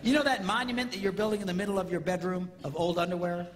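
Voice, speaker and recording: Man, comedic seminar speaker, high voice, swoops all over, echoey hall, crowd noise behind. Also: quick pace. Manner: animated, jokey, acts out spouses' reactions. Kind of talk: comedic live seminar talk. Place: large hall with live audience. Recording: reverberant hall with audience noise.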